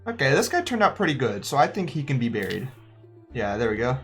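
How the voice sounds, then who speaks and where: A man's voice: medium pitch, very animated, normal speed, long pauses, faint music behind. A man giving joking, chatty let's-play commentary, thinking aloud as he plays. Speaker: gaming YouTuber.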